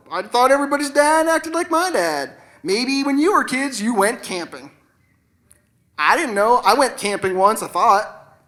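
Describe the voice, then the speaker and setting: A man in his forties works through a self-deprecating stand-up set on stage, loose and conversational, with casual swearing. His voice is bright and forward. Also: high-pitched. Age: 40s. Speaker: stand-up comedian. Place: stage at an arts center.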